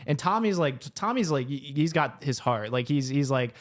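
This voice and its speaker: A young man, a podcast co-host, retelling a story in a rambling, animated way and quoting characters as he goes. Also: mid-range voice, moderate pace, few pauses. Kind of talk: casual storytelling chat.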